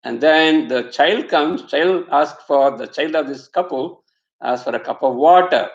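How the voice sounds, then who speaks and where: A man's voice: a little high, a little slow. A man giving a spiritual satsang talk, telling a story and acting out the quotes. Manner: storytelling, acts out quotes, rhetorical asides. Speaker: spiritual teacher. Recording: echoey room, slightly dull sound.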